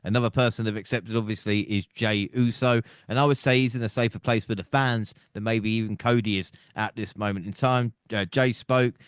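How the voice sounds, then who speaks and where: A man with a low voice hosts a casual podcast, running through events in steady recaps. His sound is dry and close, with no room around it. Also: brisk, few pauses, smooth, dry recording. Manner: recaps events in plain, steady run-downs. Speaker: podcast host.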